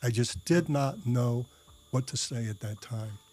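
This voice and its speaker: Rambling through a personal story, this man uses lots of fillers and restarts along with blunt, salty talk. His mid-range voice is unhurried and darkish.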